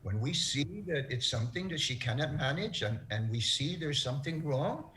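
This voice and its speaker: With a medium-pitched, fairly bright voice and lively intonation, a middle-aged man shares a personal story as an interview guest. He speaks earnestly but haltingly, his voice cracking with emotion, over slight background noise.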